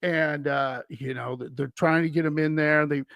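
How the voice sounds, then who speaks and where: A man's voice: fairly high pitch, steady tone, a little fast, vocal fry, fairly bright tone, dry recording. A man from Wisconsin, a guest on a paranormal podcast, telling a story in a casual, rambling way with many "uh"s and chuckles. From Wisconsin, USA.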